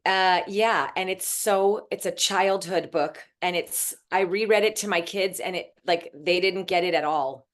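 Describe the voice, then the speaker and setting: A woman's voice: fairly low pitch, unhurried, hardly any pauses. A middle-aged woman, a guest author, chatting casually in an interview and telling stories that wander and restart mid-sentence. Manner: rambling storyteller, restarts sentences.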